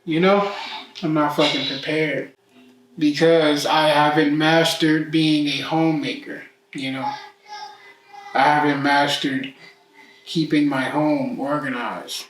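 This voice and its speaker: A man rambles raw and profane in slow, drawn-out speech, his voice fairly high for a man. He sounds set back from the mic, with the echo of a bare room around him. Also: flat delivery, fairly bright tone. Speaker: vlogger. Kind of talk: emotional self-talk vlog. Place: living room at home. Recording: roomy echo, mic far off.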